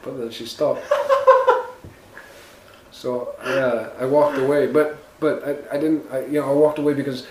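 A man's voice: mid-range voice, level tone, unhurried, long pauses, a little mellow, recorded from a distance. A man from San Jose, California, co-hosting a podcast, telling a story defensively with lots of stammering restarts. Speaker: podcast co-host. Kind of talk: casual comedic banter. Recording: roomy with faint noise.

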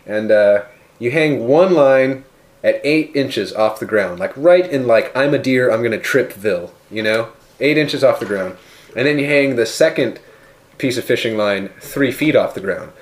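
A man's voice: medium pitch, animated, moderate pace. Rambling, crude joking man. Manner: rambling, jokey, crude, mock-offended. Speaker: podcast co-host. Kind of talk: casual comedy podcast chat.

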